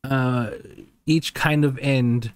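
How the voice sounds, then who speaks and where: A man's voice: medium pitch, fairly even intonation, drawn-out words, clear, resonant tone, no room sound. A man co-hosting a podcast in casual chat, with laid-back, rambling phrasing and many hesitations. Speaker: podcast co-host.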